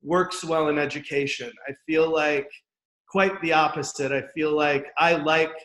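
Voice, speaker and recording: A man's voice: on the high side, little pitch movement, normal speed, fairly bright tone, roomy sound, low-quality recording. A man guest on an education podcast, talking candidly and from the heart, with lots of "like, you know". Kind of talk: casual conversation.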